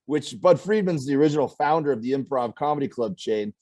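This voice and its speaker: A man's voice: mid-range voice, brisk, hardly any pauses. A man, a comedian, telling stories in a casual chat and acting out the people in them. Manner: animated storyteller, acts out quoted voices. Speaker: comedian guest. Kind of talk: casual storytelling.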